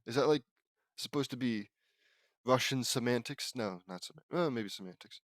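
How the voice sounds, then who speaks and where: A man's voice: medium pitch, moderate pace, no echo, studio quality. A man reading fan fiction aloud and mocking it, swearing and laughing at the writing. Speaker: fanfiction reader. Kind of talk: sarcastic audiobook reading with commentary.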